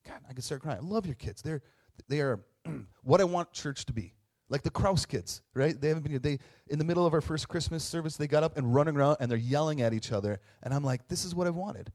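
A man's voice: on the high side, lively intonation, quick pace, darkish tone. A man in his thirties, a pastor, giving a casual conversational sermon, chatty with tag questions and restarts, joking at his own expense. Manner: self-deprecating humor.

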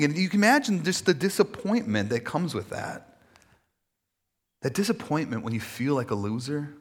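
A male pastor delivers a sermon in a loose, conversational way, full of fillers and small jokes at his own expense. His voice sits at an ordinary middle pitch for a man. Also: husky. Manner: conversational, self-deprecating humor, many fillers.

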